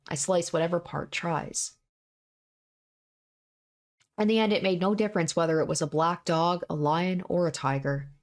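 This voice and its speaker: A woman reading the first-person narration of a young man, in a grim, repetitive inner monologue from a visual novel. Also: low voice. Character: young man narrating his own bloody fight. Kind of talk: visual novel read aloud.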